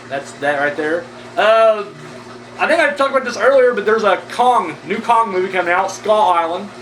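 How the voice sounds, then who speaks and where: A man with a high-pitched, fairly bright voice rambles casually through horror movie news, blunt and full of profanity. The mic sits at a distance in an echoey room, with faint background noise.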